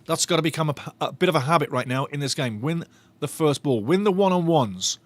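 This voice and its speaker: A man commentating live as a fan on a watch-along stream, his voice pitched a touch above the usual. He is animated, repeats his phrases and breaks into laughter, recorded close and dry with no room around him. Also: a little fast, no echo. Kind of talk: excited live match commentary.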